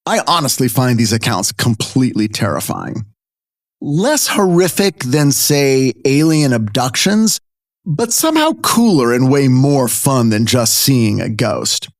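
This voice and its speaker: Recorded in a clean studio with no room sound, this mid-range male voice belongs to a podcast host in his fifties. He tells stories conversationally and with animation, addressing his listeners directly.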